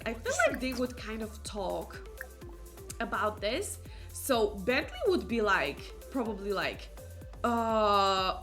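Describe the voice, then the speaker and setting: Excitable woman streamer, high lively voice. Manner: chatty, excitable, rambling with fillers. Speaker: let's play streamer. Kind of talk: gameplay commentary.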